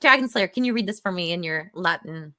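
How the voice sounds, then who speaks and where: A woman recapping film scenes on a casual podcast, with a bright, lively voice that leaps up when she laughs. She is on a close, dry computer mic. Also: on the low side, brisk, dry recording. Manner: giggly plot recapping. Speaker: podcast co-host. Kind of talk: casual chat.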